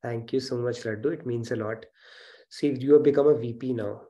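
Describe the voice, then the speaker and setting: A man leads an online spiritual class over a video call. His voice is mellow and dark, and he reassures his students in a steady, mid-pitched tone. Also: fairly quick. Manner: warm, encouraging, reassuring. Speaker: spiritual teacher and session host. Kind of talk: casual online class talk.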